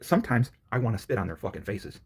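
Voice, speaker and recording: A man with a husky, slightly rough voice tears through a fast, profane rant. His pitch leaps and drops constantly, and he swings from low grumbling mutters to loud outbursts. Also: very animated. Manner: angry, profane, swings from mutters to near-shouts. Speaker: vlogger ranting to camera.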